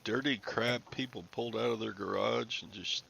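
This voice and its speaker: Male host, gravelly, dry and grumbly, headset mic on a muffled lo-fi stream with faint hiss. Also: lowish voice, fairly even intonation, moderate pace, bright, forceful tone. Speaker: host of a reseller live stream. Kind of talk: casual live-stream chat.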